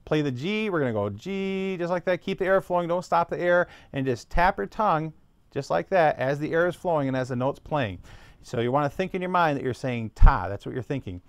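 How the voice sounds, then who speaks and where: A man's voice: a little high, lively intonation, fairly quick, smooth, no room sound. A man teaching a beginner trumpet lesson, patiently walking through each step and sounding out practice syllables.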